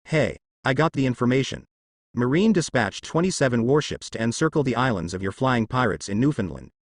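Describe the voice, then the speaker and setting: A man's synthetic voice playing a boastful, domineering pirate captain who taunts with loud laughter. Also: medium pitch, animated, brisk, no room sound, studio quality. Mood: scheming. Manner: boisterous laughing, grinning taunts.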